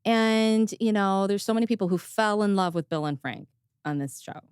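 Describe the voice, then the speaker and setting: A woman's voice: mid-range voice, moderate pace, a little mellow, clean tone, no echo, clean studio sound. A woman hosting a podcast, chatting casually and candidly, laughing often and swearing offhandedly. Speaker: podcast host. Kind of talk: casual conversational chat.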